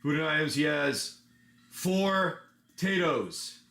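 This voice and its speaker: A man's voice: fairly high pitch, expressive, takes it slowly, gravelly, pushed and bright. A man running a casual tabletop-style adventure as game master, rambling with many restarts.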